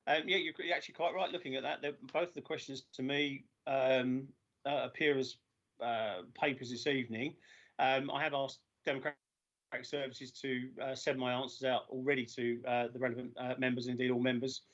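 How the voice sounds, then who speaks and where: Man, council chair, gravelly, hesitant with fillers, losing his voice, lo-fi video call sound. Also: medium pitch, fairly even intonation, fairly bright tone. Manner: halting, many filler sounds. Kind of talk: formal meeting chairing. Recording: dull lo-fi video call audio.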